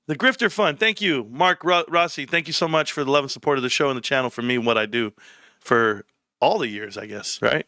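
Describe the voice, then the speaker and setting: A man's voice: dry recording, studio quality. A middle-aged man hosting a casual livestream, telling stories and acting out quotes with laughs and lots of "bro". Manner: animated storyteller, acts out quotes with big pitch jumps; laughs often, says bro a lot. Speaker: livestream host.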